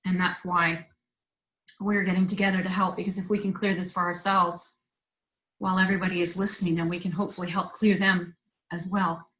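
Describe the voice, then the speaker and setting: A middle-aged woman hosting a healing circle over a video call, sharing tearfully in a soft, halting, heartfelt way. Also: lowish voice, level tone. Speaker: host of a women's healing circle. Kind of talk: emotional sharing in an online circle. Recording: roomy echoey sound.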